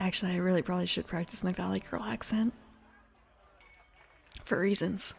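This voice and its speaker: Woman whispering rules asmr style, airy voice, thinks out loud, soft music under it. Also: mid-range voice, breathy edge. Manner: soft, musing asides between rule text. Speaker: ASMR reader. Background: faint ambient music.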